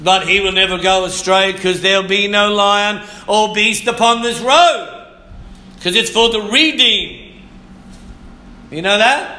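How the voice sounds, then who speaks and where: Male pastor, slow fervent sermon, high bright voice, echoey room. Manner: fervent preaching, repeats phrases, bursts into shouts and snatches of song.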